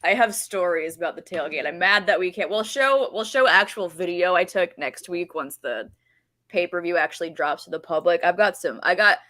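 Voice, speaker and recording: A woman co-hosting a podcast, telling stories in casual chat with excited energy. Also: fairly low pitch, moderate pace. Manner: excited storytelling, frequent laughs, says freaking. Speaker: podcast co-host.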